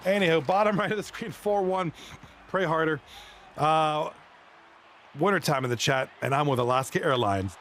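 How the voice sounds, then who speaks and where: Male live streamer, chatty and excitable, slightly raised pitch. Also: moderate pace, long pauses, a little hiss or hum. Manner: rambling, excitable, chats with viewers. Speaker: live streamer and league commentator. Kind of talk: casual live-stream chat.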